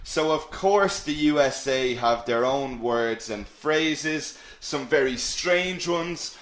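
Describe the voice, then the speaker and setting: A man teaching an English lesson, upbeat and encouraging, repeating key words slowly. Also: a little high, fairly bright tone. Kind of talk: live online English lesson. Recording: roomy echo.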